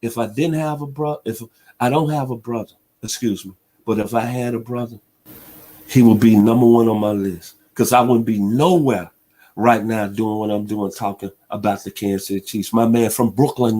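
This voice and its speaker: A man, hosting a sports talk radio show in an emphatic, heartfelt monologue. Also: lowish voice. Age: 60s. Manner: emphatic, preacher-like delivery with heartfelt shout-outs.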